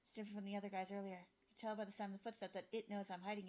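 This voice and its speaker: Woman, middle pitch, dramatic horror narrator; intense first-person delivery with anxious peaks. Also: flat delivery, very fast, darkish tone, rough recording. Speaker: reader. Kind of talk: dramatic reading of a horror visual novel.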